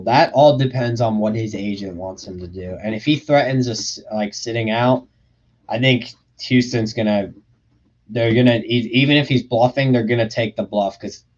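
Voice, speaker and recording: Young male streamer, casual and profane, reading chat questions, lo-fi audio. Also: fairly low pitch. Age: young adult. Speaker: livestream host. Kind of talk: casual livestream Q&A. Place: his bedroom.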